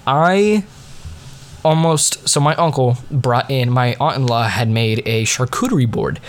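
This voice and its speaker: A man's voice: medium pitch, moderate pace. A teenage boy telling family stories in a casual, rambling monologue full of fillers and digressions. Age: teens. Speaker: diarist.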